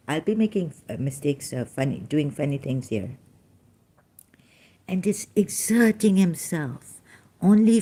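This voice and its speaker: A woman's voice: deep voice, creaky, warm tone, husky. A woman giving casual solo commentary while reading scripture aloud, emotional and rambling, often breaking off mid-thought to correct herself. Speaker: religion commentator.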